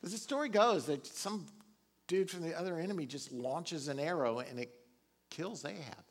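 A man's voice: a little high, moderate pace. A man preaching a sermon, retelling a Bible story casually with chuckles and asides. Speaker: pastor.

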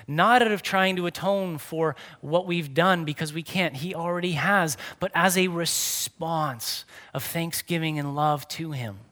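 Male pastor, fairly high voice, earnest preaching delivery that slows for emphasis. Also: fairly bright tone. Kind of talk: sermon.

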